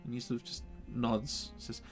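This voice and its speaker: A man's voice: medium pitch, flat delivery, moderate pace, faint music behind. A man narrating a tabletop game as game master, rambling with many fillers.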